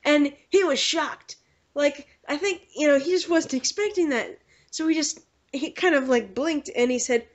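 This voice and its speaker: A woman hosting a podcast, telling rambling, animated stories in casual chat. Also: high voice. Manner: animated, rambling, quick to slip into quoted voices. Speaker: podcast host. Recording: dull lo-fi podcast audio.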